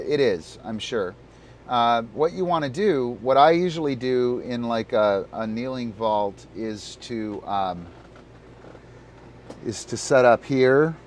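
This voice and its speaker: A man's voice: medium pitch, slight background noise. A man hosting a live disc dog coaching stream. He explains moves with many fillers and breaks off to talk to his dog. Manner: rambling, full of fillers, talks to his dog between explanations.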